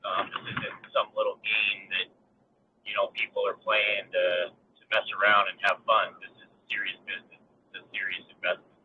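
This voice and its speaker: A man's voice: fairly low pitch, level tone, normal speed, gravelly. A man co-hosting a casual podcast, chatty and enthusiastic, laughing between his points. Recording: tinny phone-like line with faint noise.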